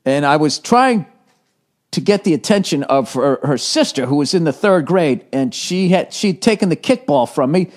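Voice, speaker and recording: A man's voice: a little high, animated, moderate pace. A man in his forties, a comedian telling rambling, profane, self-mocking stories in casual conversation. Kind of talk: conversational storytelling.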